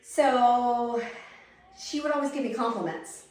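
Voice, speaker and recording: A middle-aged woman, telling a blunt, animated story while setting a table. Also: fairly high pitch, measured pace, far from the mic. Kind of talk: casual storytelling chat. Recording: echoey room, voice from off the mic.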